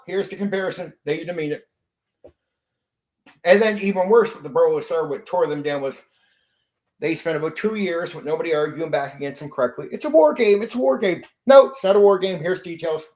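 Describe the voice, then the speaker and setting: A man in an unscripted rant, speaking in a fairly high register. He sounds aggrieved and emphatic, hammers the same points again and again, and swears freely. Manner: mimics rivals in sneering quoted voices. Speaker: channel host.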